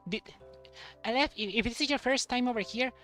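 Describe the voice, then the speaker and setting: A young man streaming a game, chatting casually in a halting way and repeating words. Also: very high voice, sharp tone, faint music behind. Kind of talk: casual chat while playing a game.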